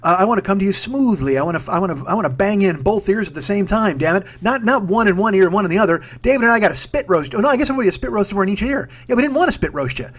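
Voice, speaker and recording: A man's voice: sits high, lively intonation, rapid-fire, few pauses. A man in his forties hosting a casual solo podcast from home, rambling, swearing and mocking himself. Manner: profane, rambling, self-mocking. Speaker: podcast host. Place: home room with a humming ceiling fan. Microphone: sock-covered mic, speaking a bit back from it.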